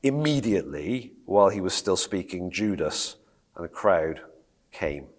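A man's voice: low-pitched, very animated, unhurried. A man teaching a Bible study in a conversational way, reading scripture aloud and asking the group questions.

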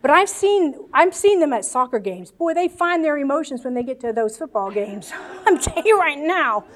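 A woman's voice: sits high, animated, moderate pace. An American woman preaching a sermon to a congregation, earnest and emotional, with chatty asides. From United States.

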